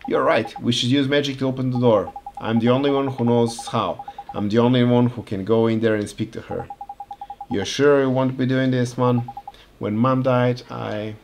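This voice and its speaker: A man reading the lines of a caring, determined boy hero in a video game, quietly and earnestly. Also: medium pitch, fairly even intonation, normal speed, gravelly, a little hiss or hum, lightly acted.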